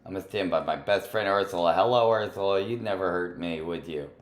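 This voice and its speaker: A man hosting a casual gaming livestream, playfully teasing and bantering with other players, drifting between sing-song chatter and soft murmuring. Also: sits low, fairly quick. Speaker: livestream host. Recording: roomy echo with faint background noise.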